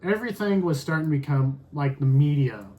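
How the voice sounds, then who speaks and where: A man in his thirties co-hosts a laid-back podcast, his voice fairly high, lively, quick and warm. He rambles through casual chat, sprinkling "like" all over his sentences.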